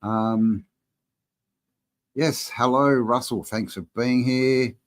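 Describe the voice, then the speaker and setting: A man hosting a live-stream Q&A, talking in a relaxed, rambling way and reading out viewers' chat messages. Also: medium pitch, takes it slowly. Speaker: channel host answering live chat.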